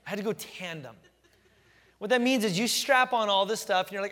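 Middle-aged man preaching, high voice, emphatic storytelling, long church reverb. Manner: animated storytelling, emphatic, slows down to stress phrases. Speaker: pastor. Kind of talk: sermon.

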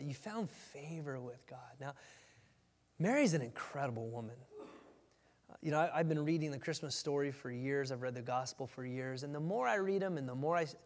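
High-voiced man preaching a sermon. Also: in a large hall. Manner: conversational, animated, dropping to a hush for emphasis. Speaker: pastor.

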